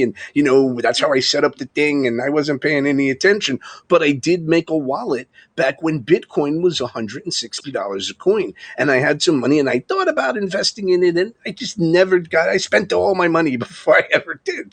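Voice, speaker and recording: Brief: man, 50s, New York accent, husky, rambling, chatty livestream host. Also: fairly high pitch, animated, brisk, hardly any pauses, fairly bright tone. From Long Island, New York. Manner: rambling and chatty, laughs often. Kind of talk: casual live-stream chat. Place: upstairs room with covered window.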